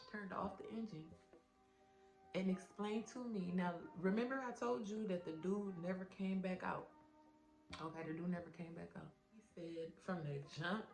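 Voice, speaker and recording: A woman vlogger telling a storytime in a casual, animated, profane way, talking straight to her viewers. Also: on the low side, echoey room.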